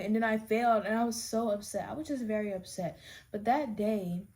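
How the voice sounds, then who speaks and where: Mellow-voiced young woman chatting candidly. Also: mid-range voice, brisk. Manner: candid, rambling, with frequent restarts; talks while doing her makeup. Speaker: vlogger. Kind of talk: casual get-ready-with-me chat.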